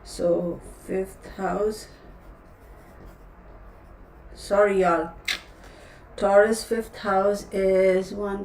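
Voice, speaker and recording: A woman with a Texan accent talks casually to her livestream viewers, with frequent asides and self-corrections. She sits a little back from the mic in a roomy space, so her voice picks up some echo. Her pitch sits in an ordinary middle range. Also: fairly even intonation, extremely slow, pauses often, a little mellow, far from the mic, a little hiss or hum. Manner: chatty, self-interrupting, addresses viewers as y'all. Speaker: tarot reader, channel host.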